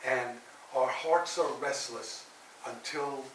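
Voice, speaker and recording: Male minister preaching in an echoey hall, mic set back, faint hiss, storyteller who swings from loud to soft. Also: medium pitch, slow pace. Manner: animated storyteller, rising loud for drama and dropping soft for quiet lines. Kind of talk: sermon storytelling. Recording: roomy echo, heard from a distance, faint hiss.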